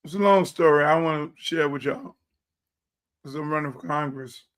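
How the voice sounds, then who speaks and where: A man's voice: on the high side, moderate pace, fairly bright tone. A man hosting a casual livestream chat, rambling on in a loose, chatty way while he eats. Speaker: show host.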